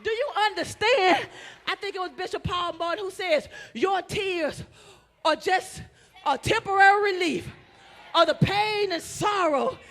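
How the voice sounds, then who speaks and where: High, shouting woman preacher. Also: measured pace. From United States. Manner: impassioned call-and-response preaching, swinging from hushed to shouting. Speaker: minister. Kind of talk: sermon. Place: church sanctuary.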